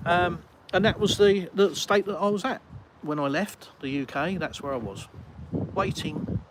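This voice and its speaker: Middle-aged Englishman, mid-pitched, rambling and chatty live streamer, filmed outdoors with heavy street noise. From England. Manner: chatty, rambling, reads out viewer messages. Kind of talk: casual livestream chat. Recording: loud street and traffic noise.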